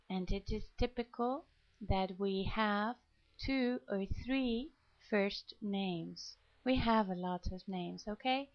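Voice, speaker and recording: A woman with a Spanish accent, from Spain, teaching an English lesson, patiently repeating words and spelling them out letter by letter. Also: mid-range voice. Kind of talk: slow classroom explanation. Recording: dull lo-fi recording.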